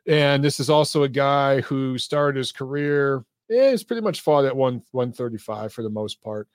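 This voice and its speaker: A man hosting a live boxing stream, talking casually with callers and reading chat, relaxed and profane, laughing easily. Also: medium pitch, moderate pace, clean tone, dry recording, clean studio sound. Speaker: boxing show host.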